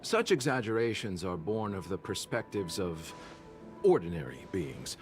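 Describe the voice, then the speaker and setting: A man's voice: low-pitched, big pitch swings, normal speed, soft background music. An actor playing a refined, courteous male merchant with an amused, polite way of speaking in a game cutscene. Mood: suave. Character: suave polite male merchant carrying a coffin. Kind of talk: video game cutscene dialogue.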